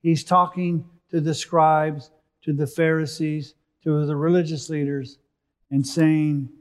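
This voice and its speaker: A man delivering a sermon at a slow, deliberate pace, his voice sitting a little high for a man. He reads scripture and explains it, lifting his voice for emphasis and then letting it fall quiet. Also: flat delivery. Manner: expository, rising for emphasis then dropping softly. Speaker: preacher.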